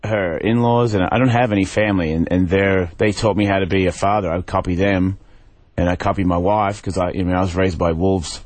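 Dude guesting on a radio show, lowish voice, rambles and restarts a lot, dry close mic. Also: male voice, steady tone, darkish tone, no room sound. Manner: rambling, halting, with many restarts. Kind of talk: candid interview talk.

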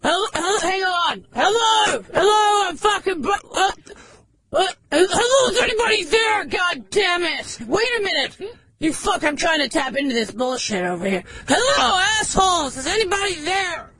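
A squeaky unhinged scorpion caller. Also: male voice, very animated, normal speed, full character voice. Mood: confused. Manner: profane, manic, shouting, stammering. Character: deranged male scorpion, unhinged war-veteran ranting.

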